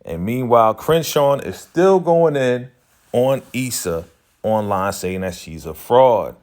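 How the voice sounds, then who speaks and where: A man's voice: medium pitch, expressive, slow pace, darkish tone. A man giving a casual, chatty recap of a TV episode, loose and full of slang and "you know" fillers. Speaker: TV recap channel host.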